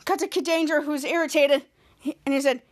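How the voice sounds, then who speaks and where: High-voiced woman rambling through a recap. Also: fairly even intonation, fairly quick. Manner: rambling, with frequent restarts and "cut to". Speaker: podcast host. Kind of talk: casual episode recap.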